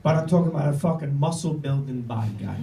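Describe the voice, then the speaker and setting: A man's voice: fairly high pitch, lively intonation, fast talker, creaky, mellow, slight background noise. A middle-aged man telling a stand-up story on stage, rambling and profane, with stammered restarts. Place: comedy club stage with audience. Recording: echoey room, recorded from far off.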